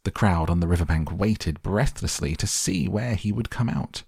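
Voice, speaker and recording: Deep husky guy reading a kids book, dry close mic. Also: dry recording. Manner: measured, expressive storytelling. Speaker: audiobook narrator. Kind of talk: storybook narration.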